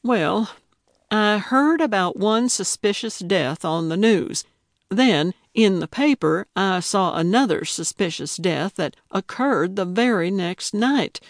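A woman's voice: medium pitch, lively intonation, slow pace, no room sound, clean studio sound. A woman reading an audiobook, voicing a feisty, indignant elderly woman who fancies herself a detective. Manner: indignant, emphatic.

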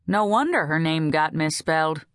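A woman's voice: sits low, lively intonation, moderate pace, clean tone, dry recording, clean studio sound. A woman narrator voicing a weary, wry middle-aged wife who is a little cross.

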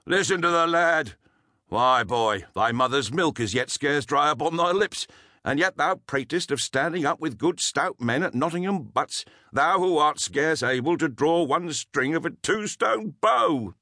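A man's voice: fairly high pitch, lively intonation, unhurried, bright, forceful tone, dry recording, clean studio sound, voice pushed up, heavily acted. A male audiobook narrator voicing a burly forester who taunts scornfully. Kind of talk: audiobook character voice.

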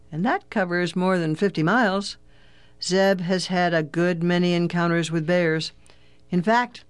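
A narrator voicing a friendly, talkative lodge owner who speaks in a chatty, easygoing way. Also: male voice, sits high, smooth, dry recording, lightly acted.

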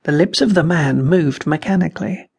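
A man narrating an unabridged fantasy audiobook in a measured, dramatic way. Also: on the high side, creaky, a little mellow, husky.

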